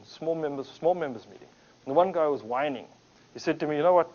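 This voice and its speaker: A man's voice: a little high, brisk. A man giving an anecdotal business talk to a group, acting out the people in his stories. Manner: animated storyteller, acts out quotes. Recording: dull lo-fi recording.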